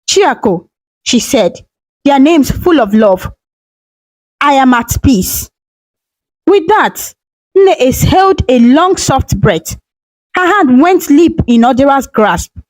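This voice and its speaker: Brief: woman storyteller, gentle emotional narration, high animated voice. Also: no room sound, rough recording. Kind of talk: scripted narration.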